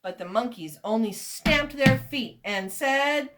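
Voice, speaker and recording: A woman reading a children's story aloud, expressive and inviting listeners to join in. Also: fairly high pitch, takes it slowly, loud music behind the voice.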